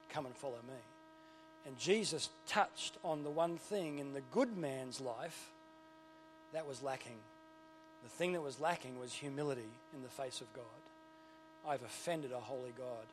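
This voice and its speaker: A man preaching a sermon, emphatic, swinging between loud declarations and quiet, earnest passages. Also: mid-range voice, slight background noise. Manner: emphatic preaching, rising and falling in intensity. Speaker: pastor.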